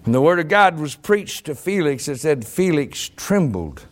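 A man preaching a sermon to a congregation, rising to shouted emphasis. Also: fairly high pitch, big pitch swings, normal speed. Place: church congregation.

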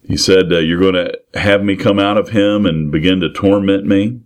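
A man with a very low, deep voice preaches verse by verse through a scripture passage. His delivery is earnest and plain-spoken, and he often restarts a phrase or repeats words as he explains each line. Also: steady tone, normal speed. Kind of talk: expository sermon reading and explaining scripture.

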